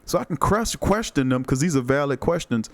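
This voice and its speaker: A man's voice: mid-range voice, a little fast, no room sound. New man hosting a sports podcast. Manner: loose, animated, reads viewer comments aloud. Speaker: podcast host. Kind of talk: casual live-stream chat.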